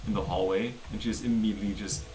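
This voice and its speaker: A man's voice: on the low side, steady tone, fast, music in the background. Rambling man in an echoey room. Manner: joking, rambling storyteller. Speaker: livestream co-host. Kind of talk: casual chat while drawing.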